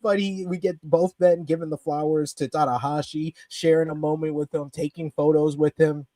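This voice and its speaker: A man co-hosting a wrestling podcast, excitedly recapping an event in an animated, profane, laughing way. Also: a little high, moderate pace, no room sound.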